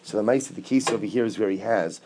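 A man's voice: on the low side, fast, background noise. A man teaching a Talmud class, explaining step by step with rhetorical questions and mixing English with Aramaic and Hebrew quotes.

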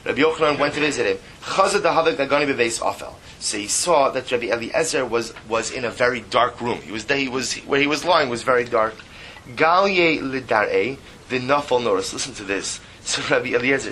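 A man leads a text study class, reading passages aloud and explaining them with energy. His mid-range voice repeats phrases and adds emphatic asides, with slight background noise present.

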